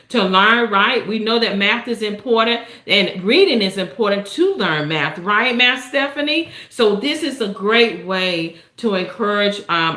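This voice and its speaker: An older woman hosting a live storytime stream, chatting to viewers with an encouraging, preacher-like rhythm and frequent "right?" tags. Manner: warm, encouraging, preacher-like cadence with lots of "right?" tags and big pitch swings. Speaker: livestream storytime host. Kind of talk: casual live-stream chat. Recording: roomy echo.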